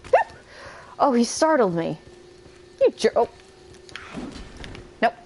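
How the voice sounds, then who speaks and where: A woman giving casual, chatty let's-play commentary while she plays, excitable and quick to swear. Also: a little high, a little hiss or hum. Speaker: gameplay streamer.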